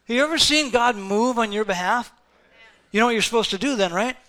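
A pastor delivering a sermon, swinging between quiet, reflective passages and loud, fervent exhortation to the congregation. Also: male voice, very high-pitched, fairly quick, smooth.

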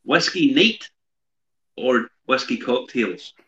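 A man's voice: mid-range voice, expressive, slow, sharp tone, roomy sound, dull audio. A male co-host giving blunt, opinionated views in casual chat.

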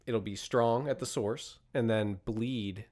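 A man co-hosting a podcast in casual chat, relaxed and thinking aloud as he talks. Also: mid-range voice, takes it slowly. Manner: relaxed, thinks aloud with fillers and soft laughs. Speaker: podcast co-host.

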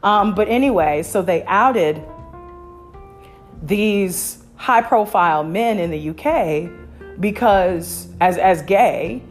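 A woman's voice: mid-range voice, lively intonation, takes it slowly, soft background music. Give me a candid woman podcast host talking casually. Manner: candid, opinionated, lots of fillers and restarts. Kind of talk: casual chat.

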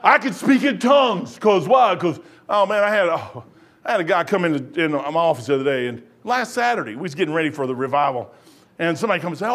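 A man in his sixties preaching a sermon in a folksy, animated way, swinging between quiet asides and loud bursts and acting out the voices in his stories. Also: fairly high pitch, fast. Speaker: pastor.

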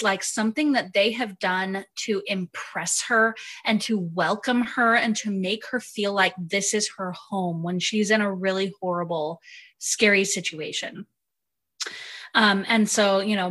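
A woman's voice: mid-range voice, unhurried, a bit bright. A woman in her thirties co-hosting a podcast, chatting casually with frequent fillers and laughs. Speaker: podcast co-host. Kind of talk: casual chat.

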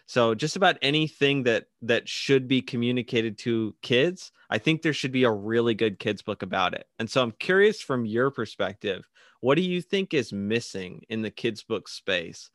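A man's voice: medium pitch, animated, moderate pace, fairly bright tone, no room sound, studio quality. A man hosting an interview in a casual, easygoing way, with frequent fillers and laughs. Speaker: podcast host, children's book author.

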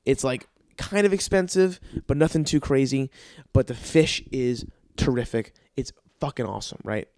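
A man's voice: medium pitch, moderate pace, no room sound. Male podcast host, crude and rambling storyteller, dry recording. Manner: profane, rambling, animated. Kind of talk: casual storytelling monologue.

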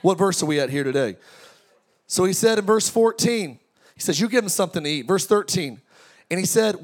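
Male pastor, high voice, energetic preaching with jokes and call-outs to the crowd. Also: fairly quick. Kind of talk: sermon. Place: large tent church.

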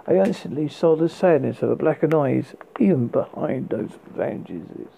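A man's voice: fairly high pitch, moderate pace, vocal fry, dark tone, a little hiss or hum, poor audio. A man reading a first-person memoir aloud, stumbling and restarting words often. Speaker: reader.

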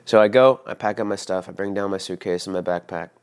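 A man's voice: deep voice, fairly even intonation, fast, clean tone. A young man casually recounting a personal story, rambling with frequent fillers and swearing. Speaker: vlogger telling a personal story.

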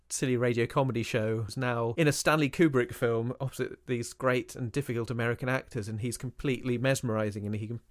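Male co-host, mid-pitched, lively opinionated film chat. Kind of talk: casual film discussion.

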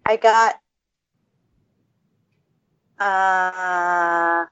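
A woman's voice: on the low side, steady tone, extremely slow, fairly bright tone, clean tone, dry recording. A woman hosting a casual podcast chat, gushing and effusive, cooing to pets on a video call. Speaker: podcast host. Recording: dull lo-fi dry sound.

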